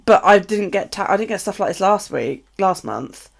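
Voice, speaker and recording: Middle-aged british woman on a craft live stream, heavy vocal fry, chatty and gushing. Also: mid-range voice, animated, normal speed. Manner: chatty, gushing over craft supplies, talks to viewers. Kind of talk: casual chat while unboxing.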